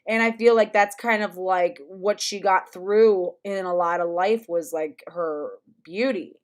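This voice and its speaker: A woman's voice: lowish voice, unhurried. Rambling young woman, chatty commentary. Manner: rambling, lots of fillers and restarts, frequent throat clearing. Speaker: commentary channel host. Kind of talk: casual reaction commentary.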